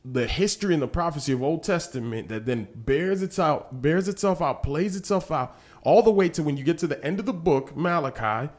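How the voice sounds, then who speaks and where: A man co-hosting a podcast, casually teaching through a Bible passage and often checking in with "right?", growing animated as he retells the scenes. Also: a little high, brisk. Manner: gets animated when retelling scripture. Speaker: podcast co-host.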